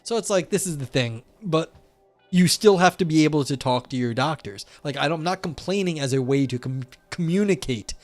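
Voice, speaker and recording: A man's voice: a little high, animated, fairly quick, no room sound, soft background music. A man talking casually on a livestream, rambling and blunt, calling himself a curmudgeon while reading chat.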